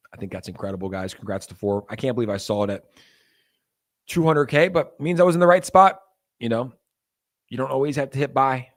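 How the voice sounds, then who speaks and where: A young man hosting a casual crypto livestream. He rambles loosely, with lots of fillers, and reads chat messages aloud. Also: mid-range voice.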